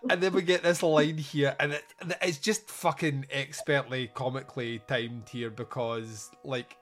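A man's voice: mid-range voice, fairly even intonation, measured pace, fairly bright tone, soft background music. A man hosting a podcast, reviewing a movie in casual chat, sarcastic and rambling with frequent laughs. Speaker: podcast host.

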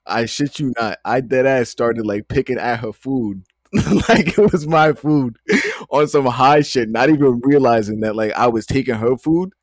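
A man's voice: medium pitch, normal speed, dry recording, clean studio sound. A young man, co-hosting a podcast and telling a long casual story full of slang, laughing as he goes. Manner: laid-back, slangy, laughs through stories. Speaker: podcast co-host.

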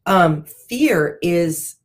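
A woman who is a chief executive and hosts the show, reading a book aloud in a measured way and adding her own asides. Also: fairly low pitch, lively intonation. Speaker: host, CEO. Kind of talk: reading a book aloud, then casual discussion.

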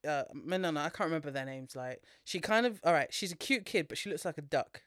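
A speaker, co-hosting a casual podcast and retelling a film in an animated way, laughing often and swearing freely. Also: medium pitch, fast, no echo, studio quality. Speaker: podcast co-host.

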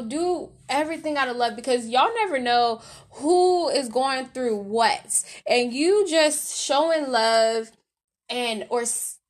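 A woman hosting her own faith podcast, talking casually to her listeners with a playful put-on country drawl, lots of y'all and laughter. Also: fairly high pitch. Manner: chatty, laughing, loosely rambling; ends in a soft spoken prayer. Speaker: podcast host. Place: at her workplace.

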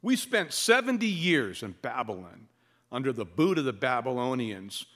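A male pastor delivering an expository sermon. His pitch rises and falls widely as he reads and explains scripture. He slips in wry humor and leans on dramatic pauses. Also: very animated, fairly bright tone.

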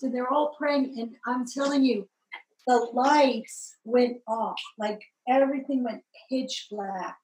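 A woman from Southern California telling her conversion story in a lively, expressive way, acting out the people she met. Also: fairly high pitch, slow, reverberant, slight background noise, rough recording. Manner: lively, acts out voices in the story, rises to excited peaks. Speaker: guest telling her testimony. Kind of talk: animated personal storytelling.

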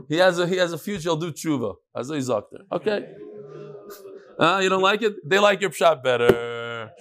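A man teaching a lively Talmud class, joking with his students and mixing in Hebrew and Yiddish terms. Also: on the high side, normal speed.

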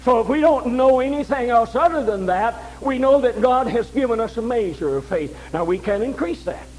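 A man's voice: very high-pitched, expressive, normal speed, darkish tone, rough recording. An older man preaching a sermon in a folksy way, repeating phrases and checking in with his listeners. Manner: folksy, repeats phrases, asks "all right?".

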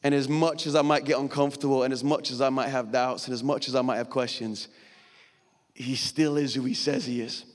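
A man's voice: mid-range voice, steady tone, a little fast, in a large hall. A man preaching a sermon as pastor, earnest and conversational, turning emotional as he speaks. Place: church hall.

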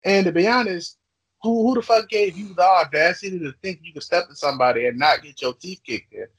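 A man with a husky, slightly raised voice tells a heated, profane story and acts out each side of the argument. He talks close to the mic in a dry, deadened room. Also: sits high, a little fast, a bit bright, no room sound, poor audio. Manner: heated, swearing, acts out quotes.

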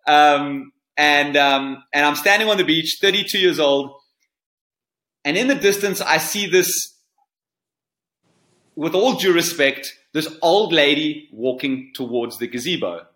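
Earnest man telling a story, bright voice. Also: fairly high pitch, a little slow. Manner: earnest, repeats words as he searches for them. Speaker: surf coach guest. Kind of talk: storytelling interview answer. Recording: roomy echo.

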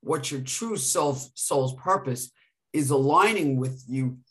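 A woman with a New York accent, co-hosting a casual podcast chat and telling stories in an animated way. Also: a bass voice, slow pace. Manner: animated storytelling with laughs. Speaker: podcast co-host.

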